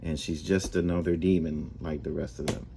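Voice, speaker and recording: A man voicing a smug male devil who speaks in a calm, sly way. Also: rumbling low, normal speed, gravelly, background noise.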